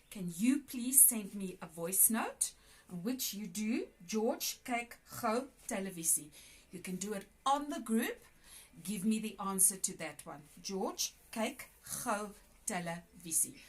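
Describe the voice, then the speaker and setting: A woman teacher giving a recorded lesson to young pupils, explaining grammar rules patiently and repeating them. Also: a little high. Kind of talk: recorded grade 4 language lesson.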